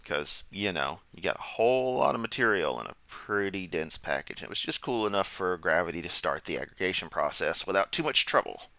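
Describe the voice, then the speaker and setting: A man's voice: low voice, big pitch swings, a little fast, hardly any pauses, sharp tone, no room sound. A man hosting a comedic reaction commentary, sarcastic, mocking and profane. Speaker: commentary channel host.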